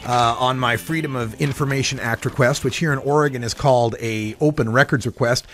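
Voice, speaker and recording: A male host delivering a scripted podcast segment in a brisk, reporting tone. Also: mid-range voice, fairly even intonation, fairly bright tone.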